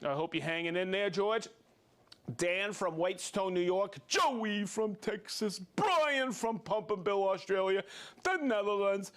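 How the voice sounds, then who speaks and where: A man's voice: high voice, fairly bright tone, clean tone. A man hosting a live stream, reading out viewers' names and hometowns in an upbeat, playful way. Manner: upbeat, playful, reads names and places quickly. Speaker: host.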